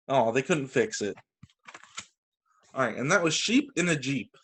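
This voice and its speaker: A young adult man, a teacher, reading picture books aloud to a child over a video call with a playful, animated storytelling manner. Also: mid-range voice, measured pace, pauses often, breathy edge.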